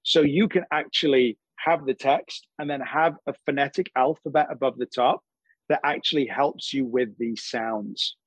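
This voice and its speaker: A man with a husky, slightly breathy voice explains his craft with an earnest, teacherly manner, dropping a casual "bro" now and then. The sound is close and dry, with no room around it. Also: mid-range voice, normal speed, no echo, poor audio. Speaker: acting teacher and guest. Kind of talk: casual interview chat.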